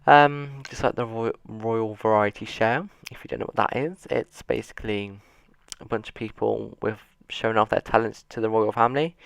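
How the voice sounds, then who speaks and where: A man's voice: fairly low pitch, fairly even intonation, moderate pace, creaky, smooth, no echo. A man giving casual, rambling commentary on a video game, with self-mocking, dryly sarcastic asides, seated at his computer. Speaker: gaming YouTuber.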